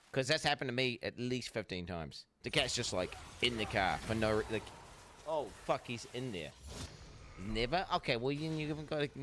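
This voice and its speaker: Animated, foul-mouthed young male streamer. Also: medium pitch, no echo. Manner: profane, rambling, animated. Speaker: streamer reacting to videos. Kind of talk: casual chat.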